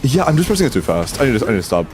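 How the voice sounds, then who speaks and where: A man's voice: medium pitch, very animated, very fast, background noise. Frustrated young man streaming a game. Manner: frustrated, swearing, self-talk. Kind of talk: live game stream commentary.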